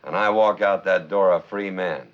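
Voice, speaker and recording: An actor playing a surly, sardonic American drifter in jail who talks gruffly and sarcastically. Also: male voice, sits low, steady tone, normal speed, natural voice. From United States. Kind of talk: 1950s film acting. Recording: dull old film soundtrack with music.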